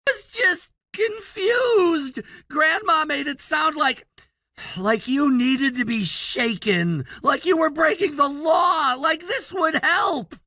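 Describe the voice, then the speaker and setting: A woman voicing a high-school boy in a text-story drama who shouts demands and then pleads tearfully. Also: lively intonation, takes it slowly, no room sound, clean studio sound, exaggerated voice. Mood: tearful remorse.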